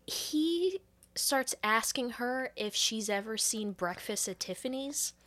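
Female podcast co-host, higher voice, casual profane plot recapper. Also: lively intonation, a bit bright. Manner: loose, profane storytelling, quick laughs. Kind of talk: casual chat.

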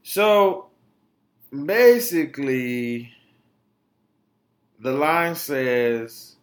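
A man's voice: mid-range voice, lively intonation, extremely slow. A man hosting a podcast, giving blunt, profane opinion commentary in a heated, ranting way and sometimes stumbling over his words. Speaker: podcast host.

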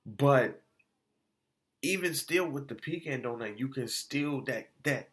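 In a laid-back food vlog, a man recounts his visits to eateries as a lively, slang-heavy tale, often restarting and quoting back-and-forth conversations. He speaks slowly with a medium pitch.

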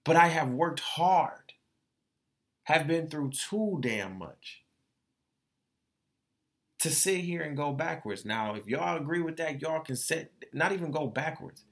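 Gravelly-voiced man venting on his podcast. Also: fairly high pitch, slow, long pauses. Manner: profane, emotional, repeats phrases. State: tearful. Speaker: podcast host. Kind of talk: candid solo monologue.

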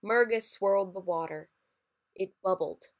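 A woman narrating a dark holiday short story in a measured, expressive reading. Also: mid-range voice.

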